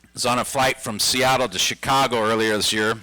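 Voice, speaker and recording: A man in his fifties performing a stand-up comedy routine, telling stories with a playful, animated delivery. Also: medium pitch, a little fast, dry recording, poor audio. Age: 50s.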